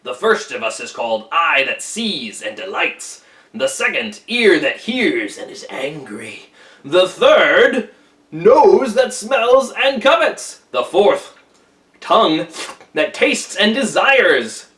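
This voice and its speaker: A man voicing a menacing male ruffian chief who recites names in a slow, deep, drawn-out intonation. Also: very animated, fairly bright tone, reverberant, full character voice.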